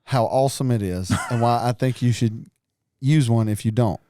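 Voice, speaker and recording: A man's voice: medium pitch, normal speed, warm tone, dry recording, studio quality. A man co-hosting a hunting podcast, talking in a laid-back, casual way and laughing often. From North Carolina, US. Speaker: podcast co-host. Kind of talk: casual chat.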